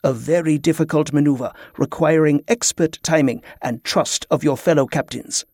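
A man voicing a formal, scholarly male pirate captain who speaks in a firm, measured way. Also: on the high side, a little mellow, no room sound, clean studio sound.

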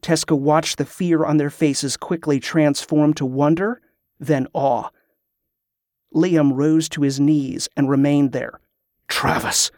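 A man narrating a fantasy novel in a steady, measured way. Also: fairly high pitch, no echo, studio quality. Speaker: audiobook narrator.

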